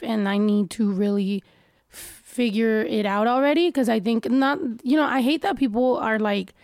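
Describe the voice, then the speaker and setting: A woman's voice: a little high, gravelly, darkish tone, dry recording, studio quality. A casual woman with a stuffy nose, chatting bluntly and often profanely while reading viewer comments. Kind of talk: casual chat.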